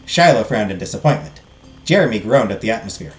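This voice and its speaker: A man's voice: fairly low pitch, quick pace. A middle-aged man from the United States reading a game's story aloud and chatting between lines, in an echoey room with faint music behind. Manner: expressive reader, chatty asides. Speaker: host.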